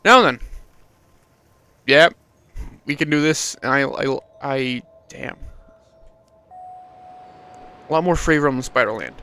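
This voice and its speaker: A man's voice: mid-range voice, measured pace, bright, forceful tone, clear, resonant tone. A man playing through a story game, reading the text aloud and adding self-mocking commentary with casual swearing. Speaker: let's play gamer.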